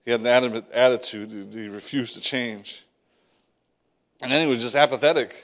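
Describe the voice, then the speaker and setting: A man's voice: mid-range voice, normal speed, fairly bright tone. A man preaching a sermon, reading scripture and acting out the prophet's prayers, repeating words as he builds each point. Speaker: pastor.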